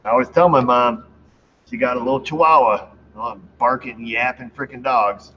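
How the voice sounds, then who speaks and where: A man's voice: mid-range voice, fairly even intonation, normal speed. A middle-aged man from New York State, a shop owner chatting casually to his viewers, rambling and laughing at his own stories. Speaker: auto shop owner, channel host. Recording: dull lo-fi sound with faint background noise.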